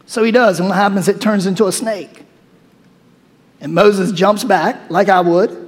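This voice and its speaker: A male preacher gives a sermon, talking to his listeners the way he would in conversation and acting out the scripture with lively asides. His voice sits high for a man. A long reverb from a big hall trails behind every phrase. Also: moderate pace.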